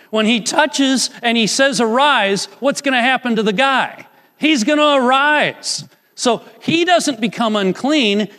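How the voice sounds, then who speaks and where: A man preaching a sermon as pastor, animated and emphatic, slowing down to stress key phrases. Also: high-pitched. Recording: long reverb of a large hall.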